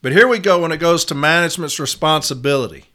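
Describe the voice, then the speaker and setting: Emphatic bright-voiced man teaching. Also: fairly high pitch, fast talker. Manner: emphatic, stresses single words and repeats them. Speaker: union advocate and trainer. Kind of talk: instructional talk.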